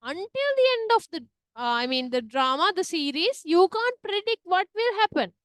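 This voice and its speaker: A woman's voice: very high-pitched, expressive, normal speed, a bit bright, no echo, studio quality. A woman teaching an online literature class, chatty and often asking "right?". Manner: chatty, tags sentences with "right?".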